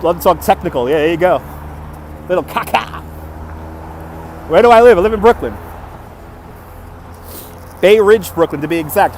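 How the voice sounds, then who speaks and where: A man hosting a casual walking livestream on city streets at night, chatting, laughing often and answering viewer comments, recorded on a phone on a gimbal. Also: high-pitched. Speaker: livestream host. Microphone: phone on a handheld gimbal. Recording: faint traffic noise.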